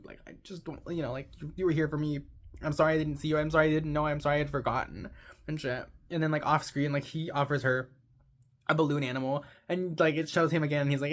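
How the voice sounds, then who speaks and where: Young person gushing about a movie, says like a million times, super sentimental. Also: medium pitch. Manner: rambling, heavy use of "like". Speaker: movie reviewer. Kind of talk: casual movie recap.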